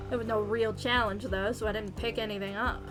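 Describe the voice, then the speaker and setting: A woman's voice: medium pitch, fairly even intonation, a little fast, close to an everyday voice. A woman voicing a blunt, flippant mercenary-for-hire in a game, over faint game music.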